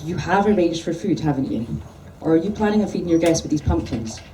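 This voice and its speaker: A woman's voice: lowish voice, animated, fast, mellow, natural voice. A woman voicing a dry, commanding grandmother who was once a star, read aloud at a live event. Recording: roomy hall from far off, noise.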